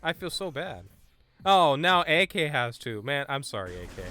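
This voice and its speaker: A man streaming a game live, chatting excitably with viewers and stammering over his words. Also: medium pitch, moderate pace, slight background noise. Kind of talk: live gameplay stream chat.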